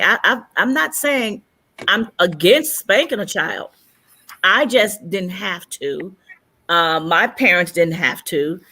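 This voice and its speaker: A woman's voice: mid-range voice, bright, forceful tone. A woman co-hosting a casual panel chat, telling stories and acting out the dialogue she quotes.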